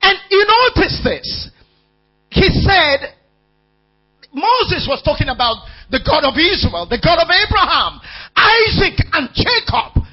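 A man preaching a sermon, calling out questions to the congregation and shouting key words. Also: very high voice, big pitch swings, takes it slowly. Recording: dull lo-fi sound with mains hum.

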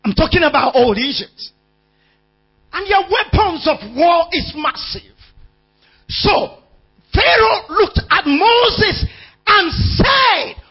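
A man preaching a sermon, calling out questions to the congregation and shouting key words. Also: extremely high pitch, animated, slow, long pauses. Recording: dull lo-fi sound with mains hum.

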